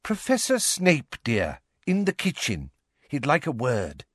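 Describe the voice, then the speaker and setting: A man voicing a middle-aged, motherly woman who coaxes and gently reproves, in a raised voice, in an audiobook. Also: medium pitch, huge pitch swings, unhurried, breathy edge, no room sound, pitched above the performer's own voice, exaggerated voice. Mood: coaxing. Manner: coaxing, reproving.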